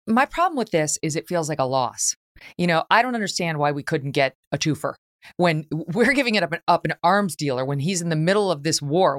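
A woman's voice: fairly low pitch, no echo, studio quality. A woman hosting a political talk show, blunt and conversational as she questions her guest.

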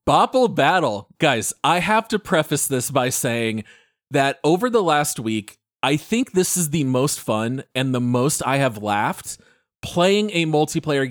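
A man's voice: a little high, no echo, clean studio sound. A man hosting a gaming podcast in casual chat, upbeat and joking as he introduces his co-hosts. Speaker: podcast host.

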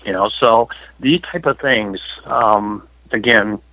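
A man's voice: fairly low pitch, slow pace, no room sound. A middle-aged man telling emotional stories as an interview guest, rambling with lots of fillers. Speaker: paranormal investigator guest. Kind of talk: phone interview storytelling. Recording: dull lo-fi phone line.

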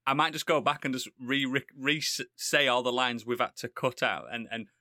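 A man's voice: medium pitch, fairly even intonation, normal speed, pushed and bright, dry recording, clean studio sound. A man co-hosting a podcast, telling stories in casual banter, often laughing and swearing. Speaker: podcast co-host.

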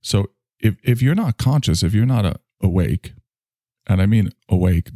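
A man's voice: lowish voice, lively intonation, normal speed, dark tone, no room sound, clean studio sound. A man hosting a solo podcast, rambling in a sardonic, self-mocking way with frequent sighs. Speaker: podcast host.

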